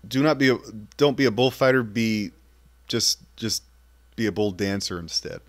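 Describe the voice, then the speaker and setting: A man's voice: lowish voice, moderate pace. A man joking and stumbling through casual answers for a wedding video. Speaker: wedding guest, brother-in-law. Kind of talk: casual on-camera wedding message.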